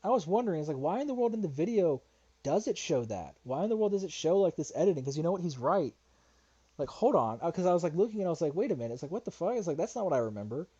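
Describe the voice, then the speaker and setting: A man's voice: a little high, animated, quick pace, warm tone, husky, dull audio. A man streaming a response video, talking casually and rambling, getting frustrated, swearing and muttering to himself while he searches. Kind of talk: casual livestream commentary.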